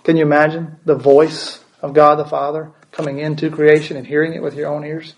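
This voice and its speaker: A man's voice: fairly high pitch, level tone, a little fast, rough recording. A man preaching a sermon as pastor, asking the congregation questions and repeating words for emphasis.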